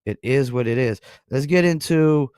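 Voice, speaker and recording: A man's voice: mid-range voice, moderate pace, darkish tone, clear, resonant tone, dry recording, studio quality. A man with a Southern US accent hosting a music review livestream, talking casually with a lot of fillers. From North Carolina. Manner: laid-back, rambling, frequent um and I mean. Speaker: music review show host.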